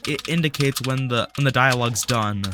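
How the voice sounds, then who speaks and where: A man casually commenting on a game he is playing, reacting out loud and reading the on-screen dialogue as he goes. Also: medium pitch, a little hiss or hum. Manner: chatty, reacts out loud with quick asides. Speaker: gameplay commentator.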